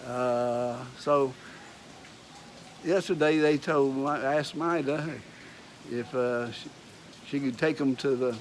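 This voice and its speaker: Slow, rambling Texan vlogger. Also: male voice, mid-range voice, slight background noise, poor audio. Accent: Texas. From Texas, USA. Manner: rambling, folksy, many fillers and restarts. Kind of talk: casual chat. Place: outdoors at home in the rain.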